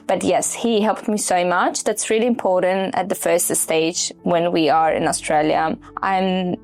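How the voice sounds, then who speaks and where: A woman from Afghanistan giving a testimonial, retelling events in an animated way and voicing the people she quotes, with soft music underneath. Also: fairly low pitch, unhurried. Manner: animated storyteller, acting out quoted dialogue. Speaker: client sharing her story. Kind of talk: testimonial interview.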